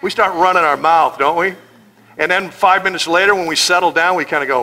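High, bright-voiced man preaching. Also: brisk. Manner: animated, joking, acts out quoted voices. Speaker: pastor. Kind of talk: sermon.

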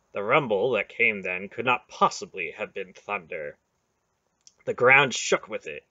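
Bright-voiced man reading a fantasy novel. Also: lowish voice, no room sound, dull audio. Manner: steady storytelling reading. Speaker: audiobook reader. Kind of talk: scripted narration of a fantasy novel.

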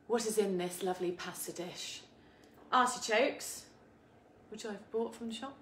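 A woman's voice: fairly high pitch, fairly bright tone. Chatty woman hosting a cooking stream. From England. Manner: chatty, laughing, greets viewers by name. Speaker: cooking show host. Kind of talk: casual live-stream cooking chat. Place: home kitchen. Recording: echoey kitchen with faint background noise.

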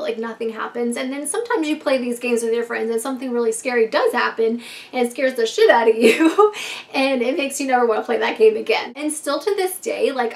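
A woman with a somewhat high voice tells a story in a casual vlog, peppering her speech with "like" and the odd swear word. She slips into the voices of the people in the story as she goes. Her voice sits a little back from the microphone. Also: vocal fry, distant mic. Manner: chatty, heavy use of "like", swears freely, acts out quoted friends. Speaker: vlogger telling a story.

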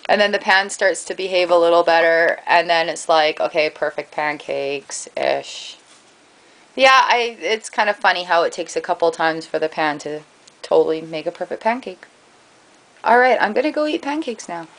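A woman's voice: mid-range voice, fairly bright tone, low-quality recording. A woman chatting casually in a home vlog, playful, switching to baby talk with her dog. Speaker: vlogger. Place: garden outdoors.

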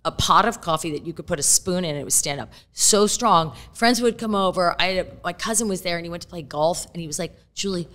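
A woman's voice: lowish voice, fast, few pauses, fairly bright tone. A woman in her fifties, a podcast guest, telling candid stories in casual chat and swearing freely.

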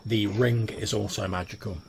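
A man's voice: fairly low pitch, fairly even intonation, moderate pace, vocal fry, noisy background. A man narrating as game master of a tabletop role-playing game, easygoing and descriptive.

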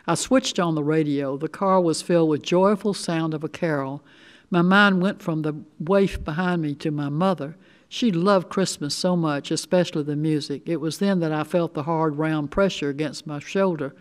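An older woman reading a short story aloud in the first person, with steady, measured storytelling. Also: low-pitched. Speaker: resident reader.

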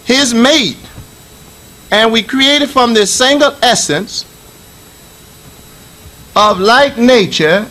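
A man's voice: very high-pitched, lively intonation, extremely slow, pauses often, bright, forceful tone, poor audio. A middle-aged man from the United States giving a Friday sermon as imam in a mosque, preaching emphatically with repetition and reciting Arabic scripture.

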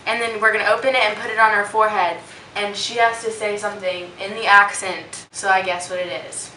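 A woman's voice: medium pitch, level tone, brisk, bright, forceful tone, a little hiss or hum. A teenage girl vlogging a playful accent-guessing game with a friend, giggling and trying silly put-on accents. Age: teens. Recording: echoey room, mic at a distance.

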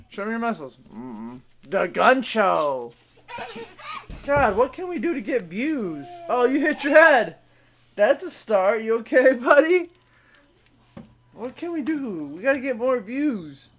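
A man's voice: extremely high pitch, fairly bright tone. A man filming his baby son at home in a bedroom, teasing and coaxing him in a playful, joking way. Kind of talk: playful home video talk to a toddler.

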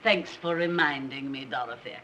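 A woman's voice: rumbling low, moderate pace, bright, forceful tone, lo-fi sound, slight background noise. An actress playing a snobbish, middle-aged wealthy mother with an imperious, dramatic manner in an early 1930s film. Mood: haughty. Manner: imperious, clipped, dramatic outbursts. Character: haughty wealthy society mother, snobbish and theatrical.

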